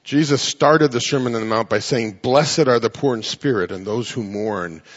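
Male preacher, husky and slightly high, emphatic pulpit delivery, muffled lo-fi sound. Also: long reverb tail. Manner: emphatic preaching, drawn-out stresses and wry asides. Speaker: pastor. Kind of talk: sermon.

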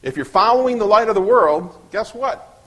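A man's voice: sits high, animated, moderate pace, a bit bright. A man preaching a sermon at a church service, earnest, often restarting and repeating his words.

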